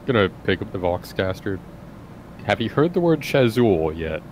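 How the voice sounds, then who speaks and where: A man playing in a tabletop game, tossing in quick, joking remarks. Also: on the low side, big pitch swings, slight background noise, rough recording. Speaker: player. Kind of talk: casual in-character play.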